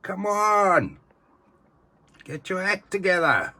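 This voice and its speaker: A man voicing a gruff army sergeant who shouts orders. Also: high voice, very animated, slow, pitched above the performer's own voice, heavily acted. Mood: barking.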